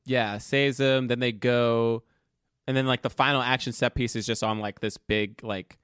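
A man's voice: medium pitch, fairly even intonation, moderate pace, a bit bright, clean tone, no echo, clean studio sound. A man co-hosting a casual movie review chat, laid-back, laughing while he retells scenes. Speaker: podcast co-host.

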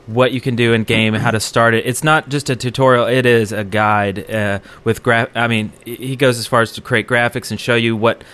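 A man's voice: mid-range voice, fairly even intonation, moderate pace, few pauses, a bit bright, clear, resonant tone. A man co-hosting a casual gaming podcast, rambling loosely with lots of fillers and frequent laughter. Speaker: podcast co-host.

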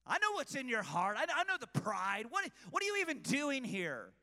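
A preacher acting out a sneering older brother. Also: male voice, very high-pitched, huge pitch swings, normal speed, sharp tone, in a large hall, pitched above the performer's own voice, heavily acted. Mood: condescending. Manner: sneering, belittling. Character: condescending older brother, scornful man.

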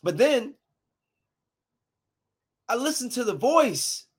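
A woman's voice: fairly high pitch, sing-song, slow, breathy edge. Woman in her thirties, fiery slangy rant, heated storytelling to viewers, emphatic. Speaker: parent telling a story.

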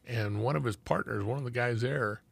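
Older male ex-cop, gravelly and a bit raspy, easygoing storyteller. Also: mid-range voice, moderate pace, dry recording. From Los Angeles. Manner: laid-back, swears freely, acts out old friends' voices. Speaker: retired police officer, guest. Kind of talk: casual storytelling chat.

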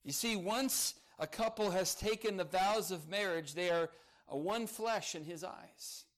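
A man's voice: high voice, a little slow, a bit bright. A man preaching a morning sermon, earnest and emphatic, leaning on key words as he builds each point. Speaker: pastor.

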